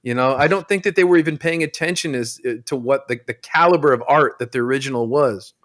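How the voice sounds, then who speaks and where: A man's voice: medium pitch, fast talker, a bit bright. A man on a podcast panel chatting casually, mocking and swearing, often laughing.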